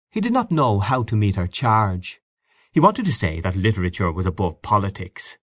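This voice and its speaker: Male audiobook narrator, lowish voice, very animated intonation, measured literary reading. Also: no echo, clean studio sound. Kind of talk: expressive storybook narration.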